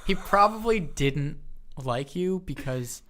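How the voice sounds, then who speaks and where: A man's voice: a little high, expressive, slow pace, a bit bright. A man guest on a podcast, a parole officer, chatting casually with wry jokes and dry one-liners. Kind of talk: casual chat.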